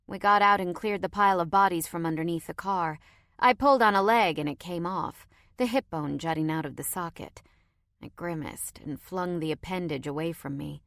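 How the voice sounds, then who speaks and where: A woman's voice: on the low side, moderate pace, a bit bright, no echo, studio quality. A woman reading a first-person audiobook with tense, dramatic storytelling. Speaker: audiobook narrator.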